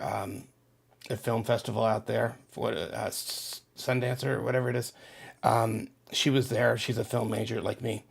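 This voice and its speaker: A middle-aged man with a husky, mid-range voice and vocal fry hosts a casual livestream, reading viewer chat aloud. On the verge of tears, he rambles emotionally to his audience.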